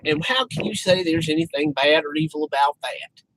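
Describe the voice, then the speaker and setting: A man putting on the voice of a whiny young man who pleads in a rushed way in defense of self-care. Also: on the high side, a bit bright, slight background noise, lightly acted, poor audio. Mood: pleading.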